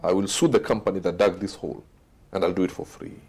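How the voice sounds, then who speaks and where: A man, a guest telling motivational stories with a dramatic delivery that swings from loud to hushed. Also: low-pitched, steady tone, fast talker, slightly rough. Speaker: guest speaker. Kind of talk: motivational storytelling.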